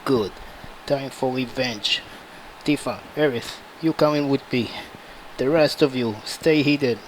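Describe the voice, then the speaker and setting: A man's voice: medium pitch, measured pace, a little hiss or hum, pitched below the performer's own voice, lightly acted, low-quality recording. A man voicing a tough young woman who leads the party, blunt and direct. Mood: determined.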